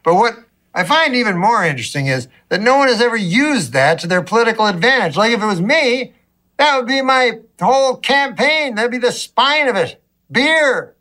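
A man doing a stand-up routine, rambling in a deadpan way toward a shouted punchline. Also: very high-pitched, normal speed. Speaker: stand-up comedian.

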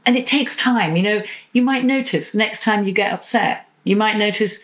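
A woman therapist talking as a podcast guest, animated, acting out little voices in her examples. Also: mid-range voice, moderate pace, poor audio. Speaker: psychosexual and relationship therapist, guest. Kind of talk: conversational podcast interview.

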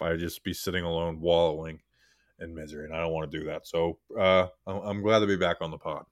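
Low-voiced man hosting a podcast. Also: no echo, clean studio sound. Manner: candid, subdued and heartfelt. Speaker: podcast host. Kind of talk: casual podcast chat.

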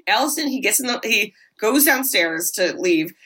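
A woman podcast host giving an animated, comedic film recap with swearing and asides. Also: medium pitch, moderate pace.

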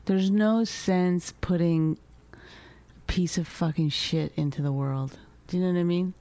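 A woman co-hosting a casual talk show with her husband, teasing and exasperated, at times quiet and mumbling. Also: on the low side, steady tone, unhurried, no echo. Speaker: podcast co-host. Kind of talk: casual married-couple banter.

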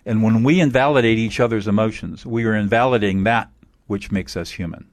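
A man's voice: lowish voice, fairly quick, dry recording. A man being interviewed as a mediator, explaining ideas emphatically and repeating key phrases. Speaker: attorney and mediator guest. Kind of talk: interview answers.

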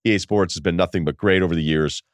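Recorded with studio quality and no echo, a low-pitched male podcast host speaks at a quick pace while casually recounting a story. He's lively, laughs often, and quotes people using voices.

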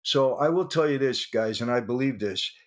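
An older man, an interview guest telling his story in an animated way and acting out the dialogue. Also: medium pitch, normal speed. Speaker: interview guest, former mobster.

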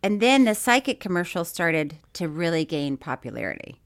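A woman's voice: lowish voice, big pitch swings, normal speed. A woman co-hosting a casual podcast chat, laughing often and acting out quotes. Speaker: podcast co-host.

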